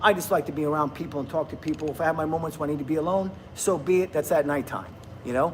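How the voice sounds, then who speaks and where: This middle-aged livestream host speaks very fast in a voice on the high side, with slight background noise behind him. He keeps things casual, chatting, laughing, and reading out viewers' comments.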